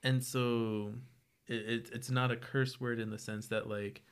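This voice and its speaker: A man's voice: mid-range voice, little pitch movement, measured pace, clean tone. A man from New Mexico, co-hosting a podcast, who explains points in a casual, clarifying way. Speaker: podcast co-host. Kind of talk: casual chat.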